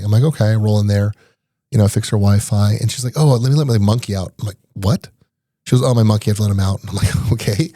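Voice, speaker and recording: A middle-aged man races through his stories in a quick, eager patter, laughing as he goes. His voice sits at an ordinary pitch and sounds close and dry, with no room around it. He talks like a podcast guest recounting his work over casual chat. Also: dry recording. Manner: rapid, animated anecdotes broken up by laughter. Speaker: podcast guest, IT business owner. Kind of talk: casual storytelling in an interview.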